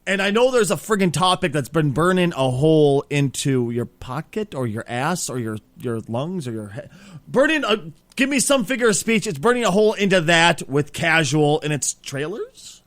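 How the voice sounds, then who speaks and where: A man hosting a casual podcast chat, excitable, laughing often and swearing freely. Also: on the high side, moderate pace, dry recording. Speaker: podcast host.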